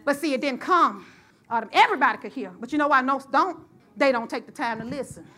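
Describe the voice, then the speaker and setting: High, bright-voiced woman preacher. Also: fast talker. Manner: lively call-and-response preaching, rising to shouts. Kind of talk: sermon with personal story.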